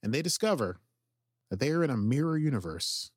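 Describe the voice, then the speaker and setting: Guy rambling excitedly thru a tv episode recap, podcast chat, dry close sound. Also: medium pitch, brisk, husky, no room sound. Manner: excitable, rambling, heavy use of "like". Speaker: podcast co-host.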